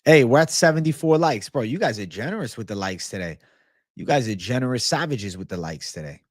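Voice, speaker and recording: A man's voice: mid-range voice, animated, a little fast, no room sound, studio quality. A young man hosting a casual livestream, swearing freely and calling everyone "bro" as he reads and answers chat comments. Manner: profane, loose, repeats "bro" constantly. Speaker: livestream host.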